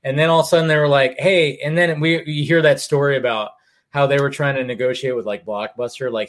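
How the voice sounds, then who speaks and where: A man hosting a casual stream chat, telling animated stories and leaping up in pitch when acting out quotes. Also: fast. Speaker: stream host.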